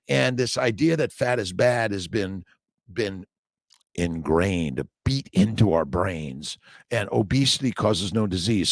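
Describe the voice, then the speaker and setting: Middle-aged male doctor hosting a livestream, low voice, loose and preachy, dry close mic. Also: no echo. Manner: loose, repetitive, preachy, swears casually. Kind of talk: casual livestream chat, reading viewer comments.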